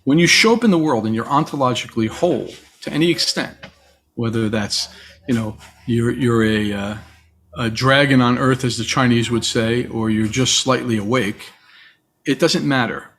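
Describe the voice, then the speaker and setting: A man's voice: mid-range voice, a bit bright, slight background noise. A man guest in a reflective conversation, telling stories and acting out the voices of people he quotes. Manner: storytelling, acts out quoted voices. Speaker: interview guest.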